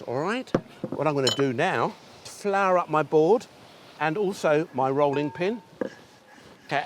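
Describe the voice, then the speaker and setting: A man hosting an outdoor cooking show, chatting enthusiastically and talking straight to the viewers as he demonstrates. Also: on the high side. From England. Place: outdoors on a beach.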